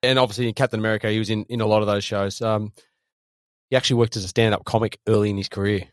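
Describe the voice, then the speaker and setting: A man's voice: lowish voice, level tone, rapid-fire, no room sound, clean studio sound. A man co-hosting a podcast, running through actors' careers. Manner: reads off actor facts, steers the talk. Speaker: podcast co-host. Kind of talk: casual film review chat.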